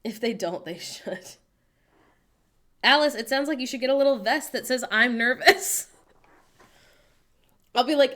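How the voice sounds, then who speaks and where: An American woman hosting a casual livestream, chatting playfully and reading viewers' messages aloud with animated, self-mocking humor. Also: on the high side, unhurried, long pauses. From United States. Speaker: livestream host reading chat. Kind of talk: casual chat.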